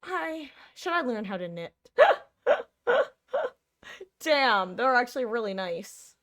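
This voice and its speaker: A woman's voice: on the high side, sing-song, slow pace, sharp tone. A woman streaming live, chatting casually with her viewers in a rambling, self-interrupting way and laughing often.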